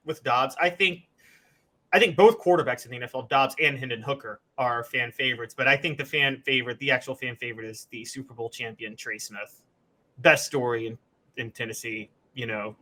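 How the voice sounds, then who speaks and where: A man from Memphis co-hosting a casual sports talk show, joking and animated with rambling asides. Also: mid-range voice. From Memphis, USA.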